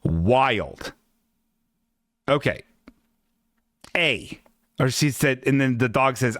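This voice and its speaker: A man hosting a casual livestream podcast, reading a comic strip aloud with halting restarts and swearing asides. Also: mid-range voice, fairly bright tone, dry recording, studio quality. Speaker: podcast host.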